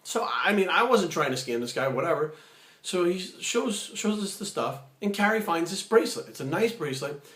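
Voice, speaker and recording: A man telling a story in a casual vlog, animated, acting out other people's lines. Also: high-pitched, moderate pace. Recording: echoey room.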